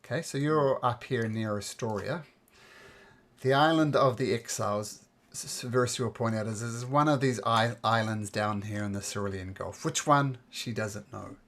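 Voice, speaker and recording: A woman runs a tabletop game over a voice call. She narrates in a relaxed, chatty way with fillers and restarts. Her voice is husky and breathy. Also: rumbling low, moderate pace. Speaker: game master. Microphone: computer mic on a voice call.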